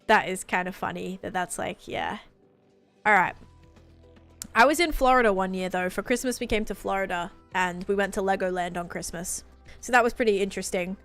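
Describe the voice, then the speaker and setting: A young woman from Australia with a softened Australian accent, chatting casually with her live stream viewers, rambling and full of "like" fillers. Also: mid-range voice, a little fast, faint music behind. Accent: Australian, softened toward American.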